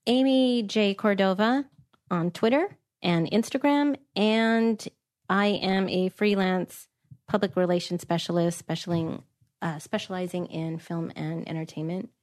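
A friendly woman on a podcast panel, she chats casually and agrees readily with short replies. Her pitch is middling for a woman. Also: unhurried, darkish tone. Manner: agreeable, many short affirmations, laughs. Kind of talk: casual chat.

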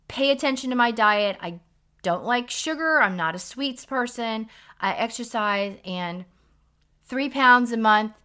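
A woman's voice: medium pitch, sharp tone. A middle-aged woman, a nurse practitioner co-hosting a podcast, giving frank, emphatic health advice in a casual lecturing way.

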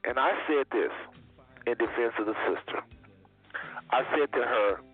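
A man's voice: medium pitch, unhurried, breathy edge, soft background music. Earnest preacherly man on a tinny phone line. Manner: earnest, preacherly, repeats himself. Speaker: radio show host. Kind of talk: preaching talk radio monologue. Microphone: phone call-in line. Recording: dry phone-line sound.

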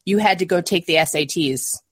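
A woman's voice: on the low side, normal speed, husky, no room sound. A woman guest in a casual podcast chat, telling stories with frequent giggles. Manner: giggly, lively storyteller.

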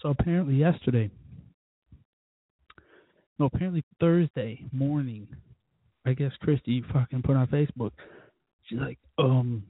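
A podcast host with a medium-pitched voice speaks at normal speed, leaving long pauses, in tinny, dry, phone-like audio. His casual ranting monologue is a profane, fired-up story.

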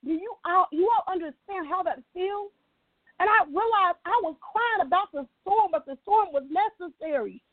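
A woman's voice: extremely high pitch, lively intonation, moderate pace, no echo. Woman guest, faith-based motivational talk, emphatic and repetitive, dry tinny line. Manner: emphatic, repeats key lines, asks "right?". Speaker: guest speaker.

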